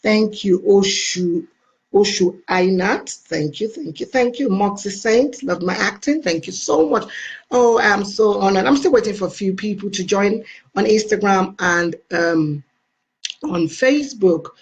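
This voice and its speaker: A woman's voice: mid-range voice, a little slow. A woman with a Nigerian accent hosting a casual live stream, effusively greeting and thanking her viewers.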